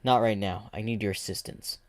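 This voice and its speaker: A man's voice: fairly low pitch, fairly even intonation, a little fast, no room sound, natural voice. A man voicing an earnest camera-headed agent who sighs as he speaks.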